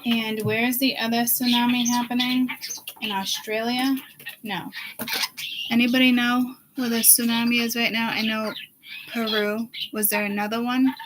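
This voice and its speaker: A woman hosting her own psychic channel, talking casually and thinking aloud in slow, halting bits that trail off mid-thought. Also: a little high, flat delivery. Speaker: self-styled psychic channel host. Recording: clear background noise.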